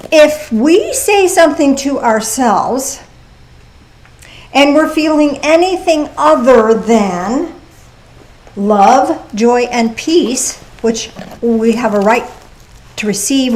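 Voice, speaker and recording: A woman's voice: a little high, expressive, takes it slowly, a little mellow. Woman preaching a chatty sermon. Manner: conversational, with playful asides and rhetorical questions. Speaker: pastor. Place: church service.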